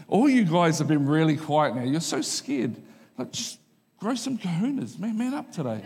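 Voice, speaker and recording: A man's voice: fairly high pitch, very animated, measured pace, a little mellow. A man, loose and chatty, with humour and punchy repeated lines. His voice rings out through a church auditorium with a long reverb tail from the hall. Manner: conversational and joking, with repeated punchlines. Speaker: pastor. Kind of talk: sermon.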